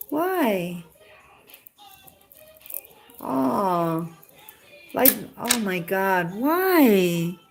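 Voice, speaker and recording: A woman's voice: fairly low pitch, measured pace, faint music behind. A woman chatting casually on a live stream, talking straight to a viewer and asking the same questions again and again in a rambling, emotional way.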